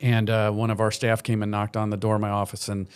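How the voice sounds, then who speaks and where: A man's voice: fairly low pitch, monotone, fast talker, clean tone. A middle-aged man, a charity program leader, telling earnest, heartfelt stories as a guest on a morning TV interview in a studio.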